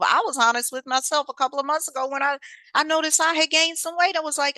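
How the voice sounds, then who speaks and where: A woman's voice: lively intonation, normal speed, sharp tone, dry recording. A woman hosting a podcast, delivering an emphatic, folksy motivational monologue with frequent laughs and repeated key phrases. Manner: sudden swoops up in pitch for emphasis. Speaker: podcast host and author; singer and teacher.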